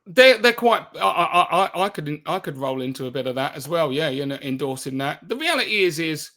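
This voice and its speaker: High, bright-voiced male comedian host. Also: big pitch swings, brisk. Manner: jokey, swears freely, stumbles and restarts. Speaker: podcast co-host. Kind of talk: casual comedic chat.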